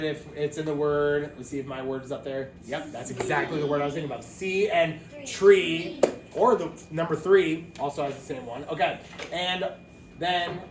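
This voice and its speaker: A male teacher giving a patient, encouraging phonics lesson for young children, sounding words out slowly. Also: fairly high pitch, echoey room, slight background noise.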